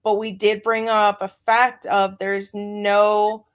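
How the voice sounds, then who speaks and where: A woman in her thirties, a guest on a podcast, chatting casually in an unhurried way. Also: medium pitch, flat delivery, clean tone.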